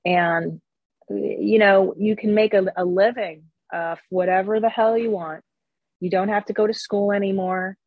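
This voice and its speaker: A woman's voice: mid-range voice, steady tone, a little slow, no room sound, phone-quality sound. A woman comedian from Canada chatting as a guest in an interview, joking and sarcastic. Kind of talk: casual interview chat.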